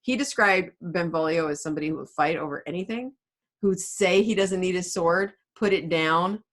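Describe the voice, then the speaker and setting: Woman, English teacher, chatty, casual, modern paraphrasing, lowish voice. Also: normal speed. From United States. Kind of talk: casual explaining to students.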